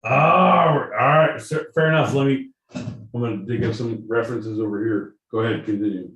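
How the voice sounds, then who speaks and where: A man's voice: medium pitch, moderate pace, a bit bright, echoey room, poor audio. A man co-hosting a podcast in casual chat, joking, teasing and swearing freely. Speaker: podcast co-host.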